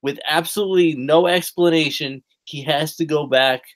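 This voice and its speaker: This wrestling podcast co-host has a voice on the high side and talks at a moderate pace. He chats casually, rambling along with lots of fillers and restarts.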